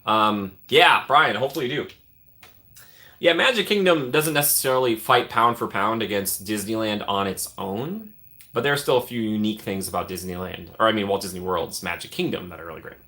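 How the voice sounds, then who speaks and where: A man's voice: fairly low pitch, a little fast, bright, forceful tone. A man hosting a casual live stream, chatting upbeat and answering viewers by name as he reads the comments. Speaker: streamer host.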